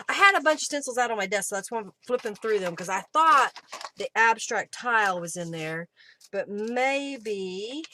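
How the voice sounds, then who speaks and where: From her home craft room, a woman hosts a live crafting stream, chatting casually and thinking out loud while she digs around for supplies. Her voice is a little high with a fairly bright tone, and there's slight background noise. She's chatty and rambling throughout this relaxed demo talk.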